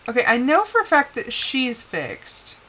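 A woman's voice: high voice, very animated, a little slow, fairly bright tone, slight background noise. A young woman streaming a life-simulation game, chatting casually, laughing often and talking to the characters on screen. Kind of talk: casual live-stream commentary.

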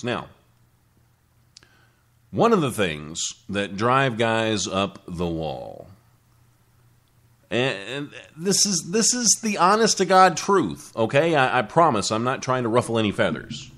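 A man's voice: medium pitch, sing-song, slow pace, long pauses, fairly bright tone. A man hosting a casual solo talk show, rambling and correcting himself as he goes. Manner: rambling, self-correcting, with frequent restarts. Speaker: radio talk show host.

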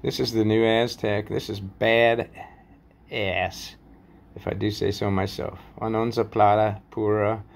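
A man casually rambling through a show-and-tell vlog about his collection, halting often with fillers and folksy sign-offs. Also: on the low side, little pitch movement, creaky. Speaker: coin collecting vlogger.

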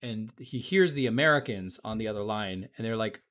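A man's voice: lowish voice, lively intonation, a little fast, fairly bright tone. A man hosting a casual live-stream auction, calling out bids and chatting with viewers in an upbeat way. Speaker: auction host.

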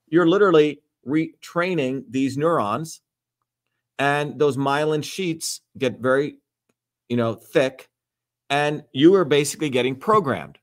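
A man's voice: a little high, unhurried. A man hosting a livestream Q&A, talking bluntly and emphatically, lecturing and swearing freely. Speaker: host. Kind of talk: livestream Q&A talk.

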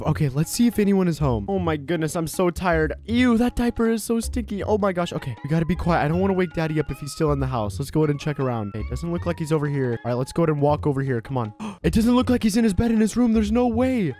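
A man giving excitable let's play commentary as a mischievous baby in a game, full of gasps and exclamations. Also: a little high. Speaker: gaming YouTuber.

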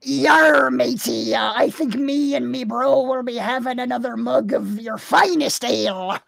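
A man's voice: extremely high pitch, unhurried, creaky, fairly bright tone, no room sound, pitched above the performer's own voice, exaggerated voice. A man putting on a hammy pirate voice for his character at the table.

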